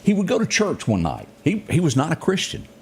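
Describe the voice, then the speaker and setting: A man hosting a radio talk show, telling stories in a lively, animated way. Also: a little high, a little fast, husky. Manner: animated storyteller, acts out quotes. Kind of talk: casual interview and storytelling.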